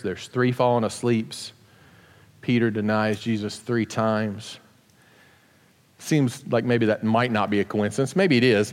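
A man giving a casual sermon as pastor, explaining scripture with joking asides in a church sanctuary. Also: medium pitch. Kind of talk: conversational sermon. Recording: long hall reverb.

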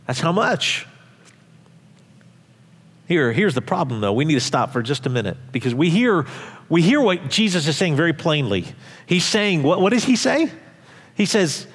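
A man's voice: on the high side, normal speed, pauses often. A male pastor delivering an emphatic, conversational sermon in a church hall with long reverb. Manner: animated, emphatic, conversational preaching.

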